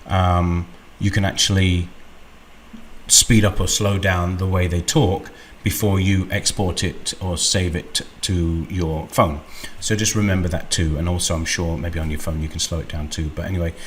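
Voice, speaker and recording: A man hosting a screen-recorded software walkthrough, unhurried and thinking aloud with frequent ums. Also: sits low, fairly even intonation, a little hiss or hum. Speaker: tutorial host.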